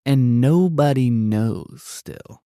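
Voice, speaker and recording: Man, podcast co-host, gravelly voice, reflective halting talk, dry close sound. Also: mid-range voice, warm tone, no echo. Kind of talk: casual faith-based conversation.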